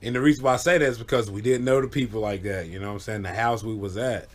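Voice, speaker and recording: A man's voice: lowish voice, fairly even intonation, fast. Laid-back man telling stories. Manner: laid-back, profane, keeps saying "you know what I'm saying". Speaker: vlogger. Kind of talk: casual storytelling.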